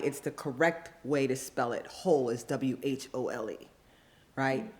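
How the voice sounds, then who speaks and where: A man's voice: mid-range voice, moderate pace. A man introducing himself as a poet at an open mic, talking to the audience in a chatty way and checking in with them often. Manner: chatty, coaching the crowd with repeated check-ins. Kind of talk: addressing a live audience. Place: live venue before an audience.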